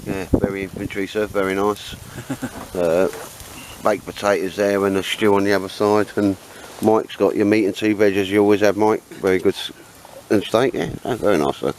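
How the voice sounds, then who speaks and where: A man's voice: lowish voice, fairly even intonation, normal speed, darkish tone, low-quality recording. A middle-aged man filming a camping trip, bantering in casual chat with his friends and calling them mate and sir. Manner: chatty, jokey banter, calls everyone mate and sir. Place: windy, rainy campsite outdoors. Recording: wind and rain noise outdoors. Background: wind and rain.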